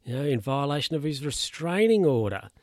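A man's voice: on the high side, sing-song, a little fast, a little mellow, dry recording, clean studio sound, pitched above the performer's own voice. A man quoting a smug club bloke.

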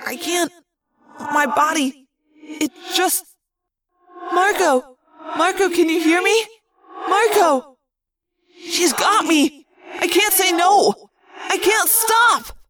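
A woman's voice: very high voice, slow pace, long pauses, fairly bright tone, distant mic, slight background noise, pitched above the performer's own voice, heavily acted. A woman doing a frantic, desperate teenage girl. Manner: frantic, pleading cries. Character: desperate teenage girl under mind control.

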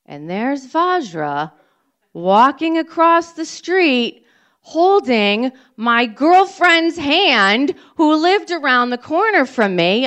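Breathless, animated woman storyteller. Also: a little high, dull audio. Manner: breathless, animated retelling with acted-out quotes. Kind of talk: live personal storytelling.

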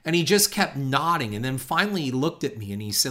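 A man's voice: mid-range voice, very animated, fast talker, few pauses, fairly bright tone. A middle-aged man hosting a podcast, telling a long personal story in a reflective, rambling way with frequent restarts. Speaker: podcast host.

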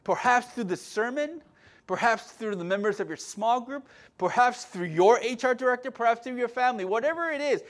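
A man preaching a sermon as pastor, impassioned, swinging between loud emphatic lines and quiet asides, often restarting and repeating words. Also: extremely high pitch, expressive, a little fast.

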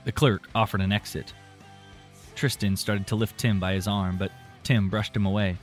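Low-voiced man narrating over soft guitar. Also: fairly even intonation, moderate pace. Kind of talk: scripted audiobook narration.

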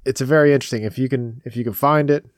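A man's voice: mid-range voice, racing, no echo, studio quality. A man co-hosting a casual chat, an eager fan and chatty storyteller. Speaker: podcast co-host. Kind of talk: casual chat about video games.

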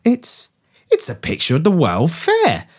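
A man's voice: on the high side, wildly swooping pitch, measured pace, husky, full character voice. A man voicing a plain-spoken male London police officer in a scripted comedy reading. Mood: curious.

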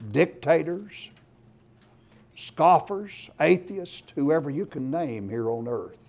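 A man preaching a sermon, reading scripture aloud and pressing his points with emphasis. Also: mid-range voice. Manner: emphatic, rising loud on scripture and lists.

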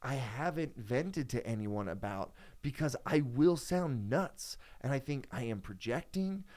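A man's voice: mid-range voice, lively intonation, measured pace, a little mellow. A man talking casually and at length, rambling with many fillers and restarts as he tells a personal story. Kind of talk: casual chat.

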